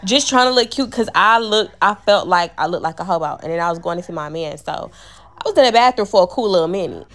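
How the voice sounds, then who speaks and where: A young woman telling an animated, candid storytime vlog, slangy and profane. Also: on the low side, fast. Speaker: vlogger.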